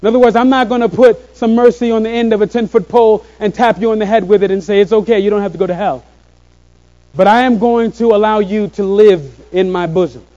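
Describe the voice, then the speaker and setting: A man preaching a sermon to a room of listeners, earnest and slowing down on key phrases. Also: high voice, fairly even intonation, mellow, dull audio. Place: room with a congregation.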